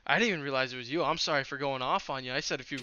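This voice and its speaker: A man telling a racing story in a casual podcast chat, animated and laughing along as he talks. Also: mid-range voice, rapid-fire, muffled recording, over a noisy crowd.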